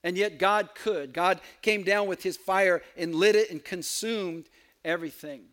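A man's voice: high-pitched, a little slow, a bit bright. A man preaching a sermon, reading scripture aloud with earnest emphasis, small stumbles and wry asides. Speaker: pastor.

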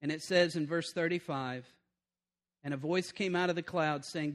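A high-pitched man delivers a sermon in a lively, conversational way. He repeats key lines, stumbles over restarts, and checks in with his listeners. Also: moderate pace. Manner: animated, conversational preaching with repetition and asides. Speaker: preacher.

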